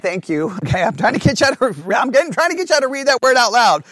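A man leading a Bible study class, reading scripture aloud slowly and checking in with the group with frequent questions. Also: sits high, expressive, a bit bright, no room sound, clean studio sound.

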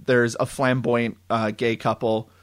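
A man co-hosting a casual movie chat, retelling the plot in an animated way with lots of fillers. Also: medium pitch, a little slow, smooth. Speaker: podcast co-host.

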